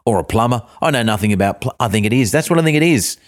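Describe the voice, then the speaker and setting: A middle-aged Australian man telling a swearing, ranting comic story, breaking into high outbursts. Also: lively intonation, rapid-fire. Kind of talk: comic monologue.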